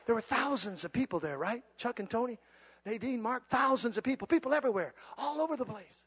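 A middle-aged man with an unusually high voice preaches a sermon to his church. He swings between fervent, shouted declarations and hushed, chatty stories. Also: animated, quick pace, breathy edge. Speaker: pastor.

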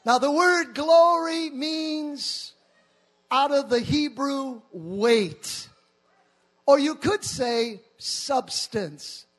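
A pastor preaching a sermon to a church, often shouting out with passion. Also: male voice, very high-pitched, extremely slow.

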